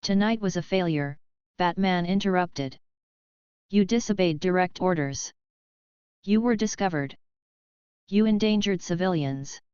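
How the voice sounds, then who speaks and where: A woman voicing a stern male vigilante leader who speaks flat and clipped. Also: on the low side, a little slow, long pauses, clear, resonant tone, dry recording, highs cut off, close to an everyday voice.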